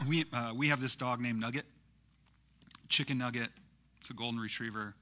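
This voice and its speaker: A male pastor preaches at a moderate pace in a mid-range voice with fairly even intonation. His sermon is casual and conversational, full of fillers, and builds into loud, impassioned peaks.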